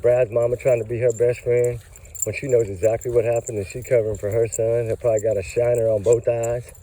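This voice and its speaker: A man's voice: medium pitch, little pitch movement, brisk, dark tone, low-quality recording. A man, out of breath and tired, ranting angrily in casual commentary about a case. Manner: heated, ranting, emphatic. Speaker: true crime commentator.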